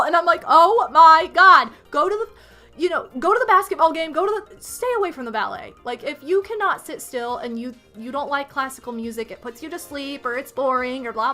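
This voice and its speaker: A young woman streamer vents to her chat in a high, bright voice. She swings from loud exasperated outbursts to quiet muttered asides. Faint music plays underneath. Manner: exasperated ranting, animated, swings loud and soft.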